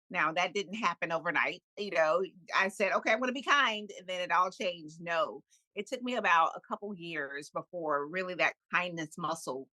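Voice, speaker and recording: A middle-aged woman, a podcast guest, telling a personal story in an animated, candid way with frequent laughs. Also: fairly low pitch, no room sound, rough recording. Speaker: podcast guest, kindness speaker. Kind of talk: casual storytelling interview.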